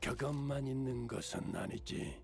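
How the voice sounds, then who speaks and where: An actor playing a weary, stern male guide in a game, speaking in a tired, gravelly voice. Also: medium pitch, racing, faint music behind, lightly acted. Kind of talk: Korean game voice acting.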